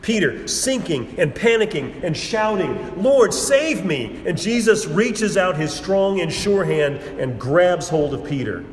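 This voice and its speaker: A man preaching a sermon in a measured, emphatic way, building repeated phrases and pausing for effect, recorded in a church sanctuary. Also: sits high, animated. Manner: measured, emphatic preaching with repetition and dramatic pauses. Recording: roomy hall with long reverb and faint background noise.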